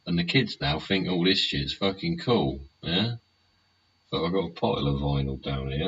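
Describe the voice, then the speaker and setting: Male host, very low, sharp-edged voice, rambling sweary tag-question delivery; dull recording with faint hiss. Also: normal speed. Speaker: host of a live solo show. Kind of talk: rambling live chat. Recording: muffled lo-fi sound, faint hiss.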